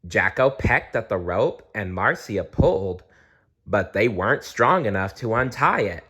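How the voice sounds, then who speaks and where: Slow, lilting man reading a storybook. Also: fairly low pitch, expressive. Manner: gentle, with small restarts.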